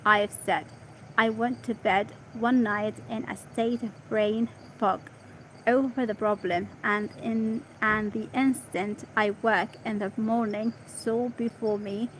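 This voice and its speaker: A woman whose first language is Arabic reads an English article aloud, stopping often to check her pronunciation in quiet asides. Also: a little high, steady tone, slow, slight background noise, rough recording. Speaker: reader practicing English.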